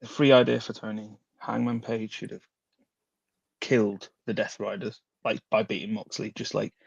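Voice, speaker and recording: Male co-host, gravelly and husky, dull lo-fi sound, rambling and profane. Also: lowish voice, little pitch movement, moderate pace, dry recording. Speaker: podcast co-host. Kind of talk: casual wrestling podcast chat. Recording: dull dry lo-fi mic.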